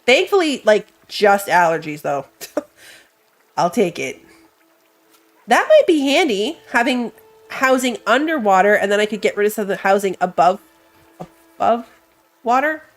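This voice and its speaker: A woman's voice: a little high, lively intonation, measured pace, pauses often. A woman with a stuffy nose from allergies gives casual let's-play commentary. She thinks aloud as she plays, reads game text, and laughs at herself. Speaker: gamer. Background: game music.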